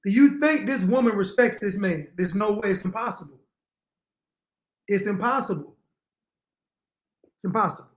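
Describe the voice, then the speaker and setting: A man's voice: sits high, normal speed, pauses often. A man giving opinionated reaction commentary to viewers, repeating his points and addressing them directly. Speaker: commentary streamer.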